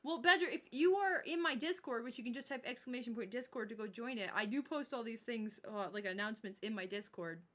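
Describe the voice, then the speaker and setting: A woman's voice: fairly high pitch, fast, few pauses. A woman hosting a livestream, chatting casually with her chat and a co-host, swearing now and then and laughing often.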